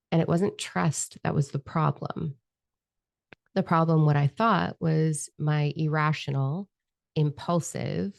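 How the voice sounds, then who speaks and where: A woman's voice: sits low, vocal fry, darkish tone, no room sound, studio quality. A woman telling a casual, self-deprecating story, chatty and laughing often. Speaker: spiritual vlogger.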